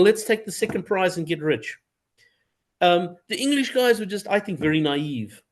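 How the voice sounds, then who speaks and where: This is a man, a professor speaking as a podcast guest. His voice is fairly high for a man and moves animatedly across a wide range. He talks in an emphatic, opinionated way. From South Africa. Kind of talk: sit-down interview.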